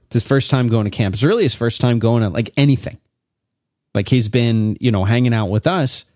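A man's voice: medium pitch, fairly quick, darkish tone, dry recording, clean studio sound. A father telling a rambling parenting anecdote in casual podcast chat.

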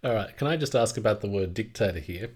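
Deep-voiced man, playful banter. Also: lively intonation, fast, a little mellow. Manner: playful, mock-formal. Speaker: podcast co-host. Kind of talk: casual podcast banter.

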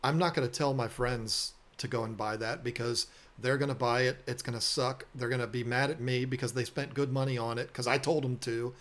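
A man's voice: medium pitch, fairly even intonation, brisk, few pauses, fairly bright tone. A man hosting a podcast, telling stories in a casual, earnest and self-deprecating way, often repeating words as he restarts. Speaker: podcast host and aquarium business owner. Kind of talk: casual storytelling conversation.

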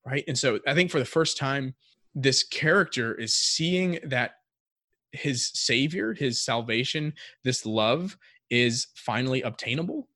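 A man's voice: mid-range voice, expressive, measured pace, bright, forceful tone, no room sound. A man co-hosting a casual faith podcast, thinking aloud in a reflective way with frequent fillers. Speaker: podcast co-host.

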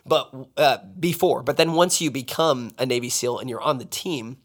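A man co-hosting a casual conversation, talking with energy in quick excited bursts and laughing easily. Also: medium pitch. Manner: animated, energetic, fast bursts when excited; laughs and jokes.

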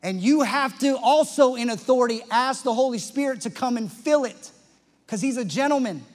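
High-voiced preacher in a reverberant hall. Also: male voice, lively intonation, moderate pace. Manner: impassioned, swings from loud to hushed for emphasis. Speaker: pastor. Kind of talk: sermon. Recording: long church-hall reverb with faint music.

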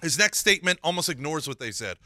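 A man giving a lively Catholic teaching talk, mixing casual slang with scripture and acting out the dialogue he retells. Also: on the high side, quick pace, no echo, clean studio sound. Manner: animated, acts out quoted dialogue.

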